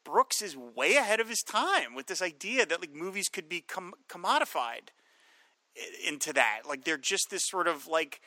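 A man co-hosting a film podcast in casual chat, animated and often acting out movie lines in a high shout. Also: normal speed, no room sound. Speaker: podcast co-host.

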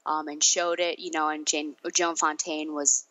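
A woman's voice: low-pitched, little pitch movement, a little slow, fairly bright tone, low-quality recording. A woman in a casual film discussion, thoughtful and hesitant, with many fillers.

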